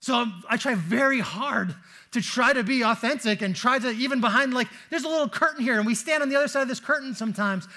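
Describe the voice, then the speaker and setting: A man's voice: very high voice, quick pace, bright, forceful tone. A man preaching a sermon in a church, talking in a conversational, storytelling way with casual fillers. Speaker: pastor. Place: church sanctuary.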